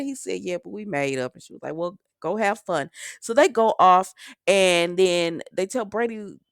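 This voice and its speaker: A woman's voice: fairly low pitch, lively intonation, brisk, no echo, clean studio sound. A woman casually recapping a soap opera episode, chatting straight to her viewers and acting out the characters' lines in a loose, conversational way.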